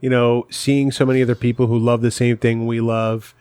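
A man's voice: mid-range voice, little pitch movement, a little fast, a little mellow, smooth, no echo. A man hosts a podcast in casual chat. He teases his co-hosts, then turns earnest, and his voice sits close and dry. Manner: teasing, earnest about fandom. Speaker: podcast host.

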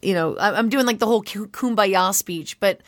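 Chatty woman voice actress, animated, dry. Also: medium pitch, normal speed, dry recording. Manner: chatty, animated, many fillers. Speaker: guest voice actress. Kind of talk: casual interview chat.

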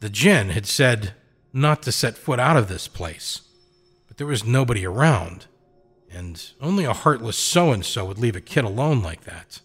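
Husky-voiced man narrating a pulp tale. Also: medium pitch, expressive, normal speed, fairly bright tone, soft background music. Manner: hardboiled, slangy storytelling. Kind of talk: first-person pulp story narration.

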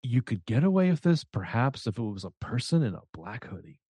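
Snarky man with a lively, dry-sounding voice. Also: medium pitch, fairly quick, husky, dry recording. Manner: snarky, sarcastic, swears freely. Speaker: podcast co-host. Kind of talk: casual chat recapping a TV episode.

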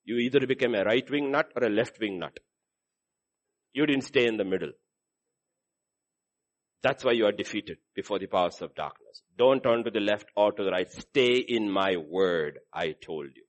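This male preacher repeats himself for emphasis, moving between loud exhortation and quiet intensity. He keeps a moderate pace.

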